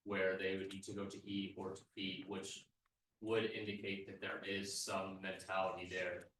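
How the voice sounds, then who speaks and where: A man's voice: low-pitched, monotone, moderate pace, a bit bright. A male student raising a point from the audience in a classroom, heard from far away. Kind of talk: question from the audience. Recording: very echoey room, far from mic, faint noise.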